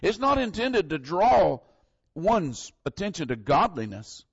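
A man's voice: high voice, big pitch swings, measured pace, husky, dry recording, lo-fi sound. A man from northern Florida with a Southern accent, preaching a folksy, conversational sermon and leaning hard on the scripture verses.

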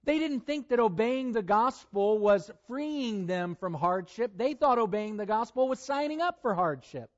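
A man with a high voice delivers a sermon, reading scripture in a deliberate, emphatic way. The recording sounds dull and lo-fi. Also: animated. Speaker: preacher.

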